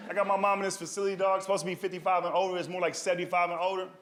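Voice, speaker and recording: A male stand-up with a high-pitched voice fires off a story rapidly with few pauses before a noisy live audience. His talk is conversational, peppered with "right?" and "dog."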